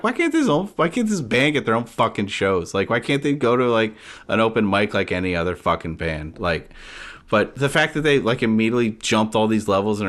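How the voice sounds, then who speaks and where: A man co-hosting a podcast, chatting casually about a TV episode, animated and swearing freely. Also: lowish voice. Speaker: podcast co-host. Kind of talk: casual chat about a TV show.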